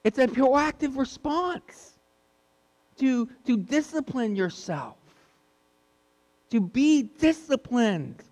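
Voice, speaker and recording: A man's voice: extremely high pitch, expressive, takes it slowly, long pauses, darkish tone, long reverb tail. A man preaching a sermon in an earnest way, repeating key points for emphasis.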